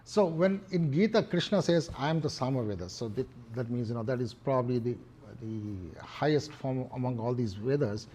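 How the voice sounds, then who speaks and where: A middle-aged man with an Indian English accent giving a devotional discourse, talking in a halting way with many fillers and restarts. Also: medium pitch, lively intonation, darkish tone, highs cut off, slight background noise. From Hyderabad, India. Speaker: temple speaker.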